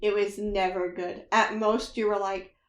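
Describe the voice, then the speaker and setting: A woman's voice: medium pitch, flat delivery, a little slow. A young woman co-hosting a casual chat, chiming in with quips and laughter. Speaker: podcast co-host. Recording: echoey room.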